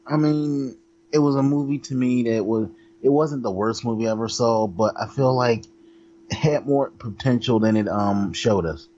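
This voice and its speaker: Man, casual movie chat, measured, hedging, muffled mic, faint hum. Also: mid-range voice, warm tone. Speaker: podcast co-host.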